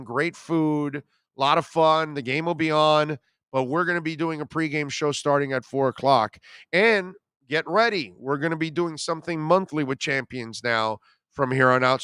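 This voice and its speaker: A man's voice: a little high, fairly bright tone, smooth, no echo, clean studio sound. A middle-aged man hosting a live sports radio show, chatting casually and reacting to comments with self-deprecating, emotional asides.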